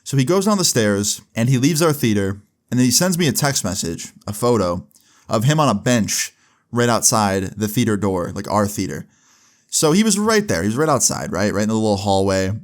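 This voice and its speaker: Young man, low-pitched, rambly storytime vlog delivery. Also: very animated, moderate pace. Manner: rambling, lots of "like" and "right?".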